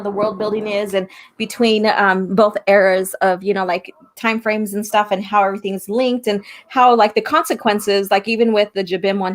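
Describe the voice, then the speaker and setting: A woman hosting a relaxed live-stream chat, talking casually, laughing often and reading out viewer comments. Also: mid-range voice. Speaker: host.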